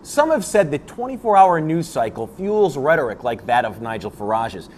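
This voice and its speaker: A man's voice: a little high, sing-song, moderate pace, a little mellow, slight background noise. Sarcastic man hosting a spoof newscast. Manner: sarcastic, laughs at his own jokes. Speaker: host. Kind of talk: satirical news monologue.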